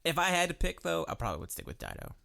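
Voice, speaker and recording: A man's voice: fairly high pitch, wildly swooping pitch, racing, gravelly, sharp tone. A man co-hosting a casual music podcast, laid-back, swearing freely and talking in loose, filler-heavy chat. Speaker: podcast co-host. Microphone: desk microphone.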